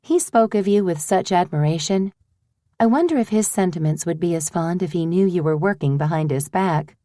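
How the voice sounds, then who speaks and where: A woman's voice: on the low side, expressive, normal speed, mellow, dry recording, clean studio sound, natural voice. A woman voicing an earnest, eager young woman who works as a postal clerk. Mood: teasing.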